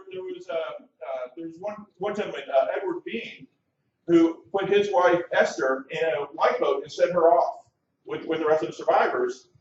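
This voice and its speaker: A man's voice: fairly high pitch, slight background noise. A man in his forties doing his first stand-up set. He tells stories with nervous hesitations and leads the crowd in chants. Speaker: comedian. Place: comedy club stage. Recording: echoey club heard from far off on a dull mic.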